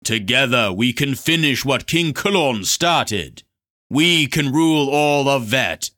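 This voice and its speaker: A silky, scheming black sorcerer purrs his words with smug mockery, as a man puts him on. The voice sits a little higher than the reader's own and rings bright and forceful, with an audiobook reading feel. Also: expressive, slow. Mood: persuasive. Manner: purring, smug and mocking.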